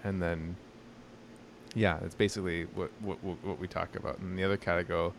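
Rambling low-voiced man, casual chat. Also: level tone, brisk, a little hiss or hum. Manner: rambling, hesitant, many restarts and fillers. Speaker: podcast co-host.

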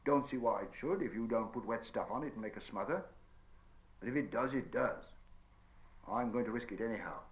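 A man voicing a stubborn, practical hobbit who talks gruffly and bluntly, on a dull recording. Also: mid-range voice, fairly quick, lightly acted. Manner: gruff, blunt, homely speech.

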